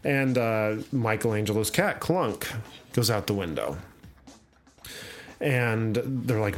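A man's voice: lowish voice, slow pace, pauses often, soft background music. A male podcast host chatting casually and retelling a comic, acting out the characters as he goes. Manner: animated storyteller, acts out voices.

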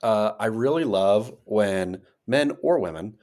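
Man, American accent, deep-ish voice, loose rambling chat, animated pitch jumps. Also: takes it slowly. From United States. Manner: playful, rambling, jumps up in pitch when excited. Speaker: podcast co-host. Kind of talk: casual chat.

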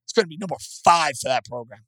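A man hosting sports talk radio with a hoarse voice, blunt and opinionated. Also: a little high, animated, rapid-fire, fairly bright tone, no room sound.

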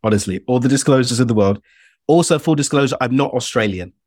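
A British man giving an interactive online keynote, energetic and playful, speaking straight to his audience. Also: medium pitch, fast talker, no echo, studio quality. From Britain.

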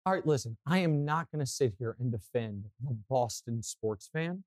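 A man's voice: mid-range voice, moderate pace, dry recording. Man ranting on a dry mic. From Kansas City, US. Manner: animated, opinionated storytelling. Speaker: podcast co-host. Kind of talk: casual sports talk.

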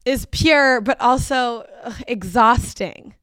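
A woman's voice: fairly high pitch, slow pace, fairly bright tone. A woman co-hosting a podcast in casual chat, who laughs often and trails off mid-sentence. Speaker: podcast co-host. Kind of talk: casual chat recapping a reality show.

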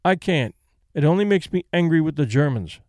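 A man's voice: on the high side, animated, brisk, darkish tone, no room sound, lightly acted. A man reading as a reserved, dutiful companion.

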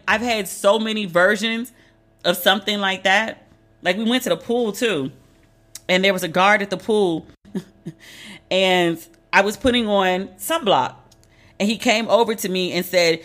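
A woman's voice: mid-range voice, a little slow. A woman, casually telling a story and voicing her exasperation as she quotes the people in it. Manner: animated, exasperated retelling with quoted dialogue.

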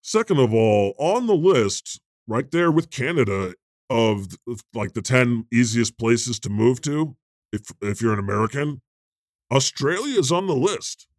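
A man's voice: medium pitch, expressive, unhurried, dry recording, studio quality, close to an everyday voice. A man playing a chatty irreverent God. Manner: rambling, chatty, easily amused. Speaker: host. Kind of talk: improvised comedy podcast banter.

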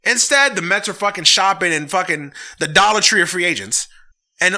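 A man's voice: sits high, big pitch swings, fast, pushed and bright. A man hosting a casual sports podcast, ranting with heavy swearing and then signing off with sincere thanks. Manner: profane, heated ranting. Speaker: podcast host.

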